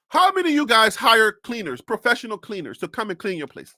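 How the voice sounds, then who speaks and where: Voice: medium pitch, wildly swooping pitch, measured pace, long pauses, pushed and bright, no room sound. A sports talk host on a live stream who rants animatedly, fires off rhetorical questions and repeats phrases, speaking into a desk USB microphone.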